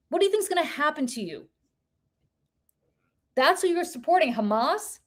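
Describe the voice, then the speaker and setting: Podcast woman, high voice, heated profane rant, hammering rhetorical questions. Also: very animated, moderate pace, pauses often. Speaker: podcast co-host. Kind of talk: heated political commentary.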